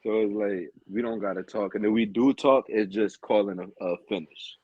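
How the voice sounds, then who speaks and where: A man with a lowish voice chats as a podcast guest, relaxed and offhand, his sentences sinking softly at the ends. The recording sounds dull and lo-fi. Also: moderate pace, slightly rough, dry recording. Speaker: guest wrestler. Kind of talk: casual interview chat.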